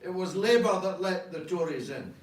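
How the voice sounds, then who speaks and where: A man's voice: sits high, expressive. Emphatic man speaking in an echoey room. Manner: emphatic, rhetorical, frequent "uh" pauses. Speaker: party leader answering questions. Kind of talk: political talk to an audience. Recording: echoey room, distant mic, faint noise.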